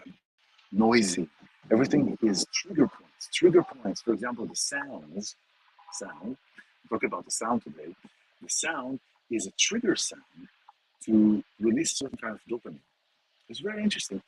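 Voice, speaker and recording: Man, low gravelly voice with a bright, forceful edge, casual talk host recorded on the go. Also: low-quality recording. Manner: halting, repeats words, many fillers. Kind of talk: casual Torah talk to viewers. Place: in a casino in Vegas.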